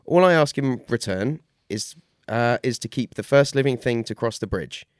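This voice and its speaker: A man's voice: medium pitch, animated, moderate pace, clean tone, dry recording, studio quality, close to an everyday voice. A man voicing a boastful male devil from a folk tale, who screeches in anger when he is tricked. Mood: sly. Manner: screechy, shouting.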